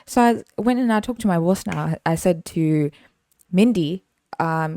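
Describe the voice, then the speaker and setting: A woman telling a casual story as a podcast host, animated and slangy, laughing often. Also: mid-range voice, unhurried, dry recording, studio quality.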